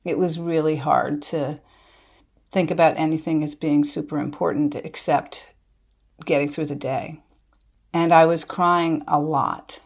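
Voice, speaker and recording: A middle-aged woman speaking thoughtfully as an interview guest, halting and restarting as she reflects. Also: low-pitched, steady tone, creaky.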